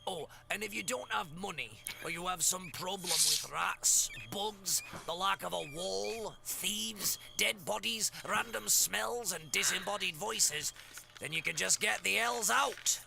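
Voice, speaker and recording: A man's synthetic voice playing a grouchy, rude male innkeeper who resents his guests, gruff and sarcastic. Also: high voice, unhurried, noisy background, heavily acted. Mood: grumpy.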